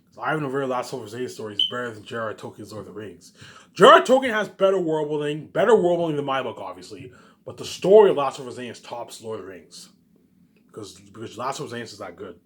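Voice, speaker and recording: A man's voice: mid-range voice, expressive, fast talker, a little hiss or hum. A man vlogging from home in a rambling, boastful monologue, often repeating himself and restarting. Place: home, noise upstairs.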